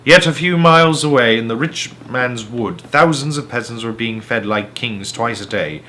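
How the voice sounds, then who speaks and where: A man reading a children's book aloud in a steady, expressive way. His voice is bright and forceful, at a middle pitch. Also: moderate pace. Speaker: storyteller.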